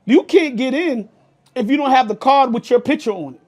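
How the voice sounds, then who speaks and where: A man with a New York accent co-hosting a podcast, telling a story in a loud, animated, profane way. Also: extremely high pitch, a little fast. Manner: animated, profane, gets loud and heated retelling anecdotes. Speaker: podcast co-host. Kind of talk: casual podcast chat, storytelling.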